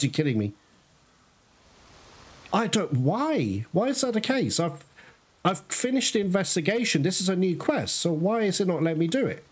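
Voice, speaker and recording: A man's voice: a little high, big pitch swings, normal speed, pauses often. A man giving casual, chatty commentary on his own gameplay, talking straight to viewers and swearing now and then. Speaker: gamer playing through a game.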